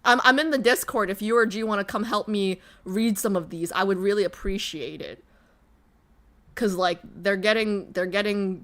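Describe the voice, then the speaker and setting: A young adult woman streamer chatting casually and reading viewer messages, excitable, often stammering and restarting her sentences. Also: mid-range voice. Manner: excitable, bursts into squeals and laughter, stammers and restarts.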